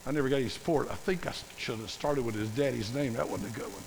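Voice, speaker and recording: A man's voice: medium pitch, fast, gravelly, hardly any pauses, darkish tone, big-room sound, a little hiss or hum, poor audio. An older man, preaching a sermon in a folksy, self-mocking storytelling manner. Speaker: pastor.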